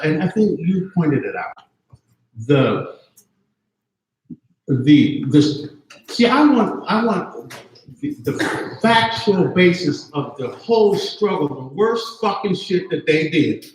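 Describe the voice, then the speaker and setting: A man in his fifties speaks up passionately from the audience, cursing and pressing his point. His voice sits a little high and swings widely in pitch. He is picked up in a strongly echoing hall. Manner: passionate, profane, keeps asking "you see what I'm saying". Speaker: audience member at a campus panel. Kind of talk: impassioned spoken comment. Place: campus event hall. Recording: very echoey live room.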